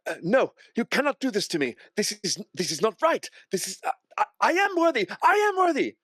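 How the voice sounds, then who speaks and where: A man's voice: very high-pitched, very animated, brisk, fairly bright tone, no echo, clean studio sound, pitched above the performer's own voice, full character voice. A man voicing a desperate condemned man who stammers and begs for his life. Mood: desperate pleading. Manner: pleading, stammering.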